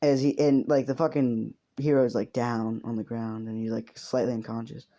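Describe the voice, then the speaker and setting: A young man telling an improvised story off the cuff, rambling and swearing a lot. His voice sounds mellow and dark in tone. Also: mid-range voice, level tone, moderate pace, muffled recording.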